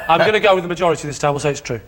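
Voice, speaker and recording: A man captaining a team on a comedy panel show, making sardonic, quick asides. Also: fairly high pitch, lively intonation, heavy background noise. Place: TV studio.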